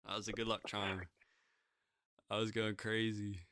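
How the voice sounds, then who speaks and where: A man's voice: fairly low pitch, level tone, a little slow, a bit bright, no room sound, studio quality. A young man casually telling self-deprecating stories, rambling with lots of fillers. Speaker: podcast guest pitcher. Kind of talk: casual storytelling.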